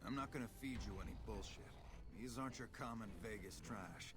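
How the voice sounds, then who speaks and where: A man as a hard-bitten video game officer: low, clipped, profane, over game music. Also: fairly quick, close to an everyday voice. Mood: grim. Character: gruff hard-bitten male army officer.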